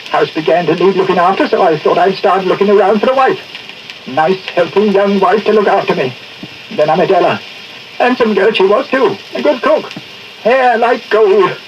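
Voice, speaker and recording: A man's voice: high-pitched, moderate pace, a little hiss or hum, close to an everyday voice. A man playing a whining old miser. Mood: reminiscing. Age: older. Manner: whining, complaining. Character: miserly old widower, whining and self-pitying. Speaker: client. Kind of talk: 1940s radio acting. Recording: dull old radio broadcast recording.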